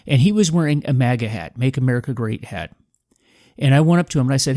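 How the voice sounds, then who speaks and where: A man's voice: medium pitch, expressive, fast talker, mellow, no echo, clean studio sound. A man hosting a podcast, giving an emphatic, combative political commentary monologue in a preachy manner. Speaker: podcast host.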